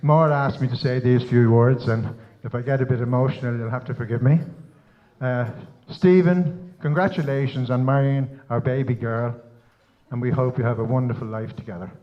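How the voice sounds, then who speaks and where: A man's voice: mid-range voice, steady tone, normal speed. A middle-aged Irish man, the father of the bride, giving a teasing, joke-filled wedding speech at a reception. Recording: slightly dull lo-fi sound.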